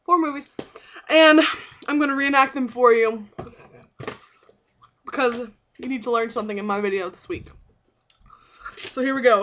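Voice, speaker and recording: A woman's voice: high-pitched, sharp tone, lo-fi sound, a little hiss or hum. A giggly young woman vlogging in a goofy, sarcastic way. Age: young adult. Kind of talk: casual vlog.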